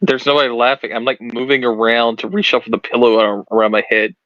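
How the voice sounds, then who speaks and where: A man joining a casual livestream chat, cracking jokes and laughing through his lines. His mid-pitched voice comes through a dull, lo-fi mic with a dry sound. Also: level tone, quick pace, dry recording. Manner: joking, laughs between words.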